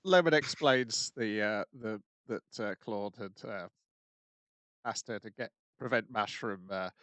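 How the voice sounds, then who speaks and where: A man co-hosting an anime podcast, recapping the plot haltingly with many fillers. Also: fairly low pitch, fairly bright tone, dry recording. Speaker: podcast co-host.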